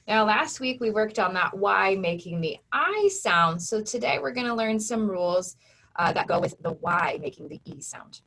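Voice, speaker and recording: A woman teaching an online phonics lesson to children, patient and slow on the example words. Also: a little high, lively intonation, sharp tone.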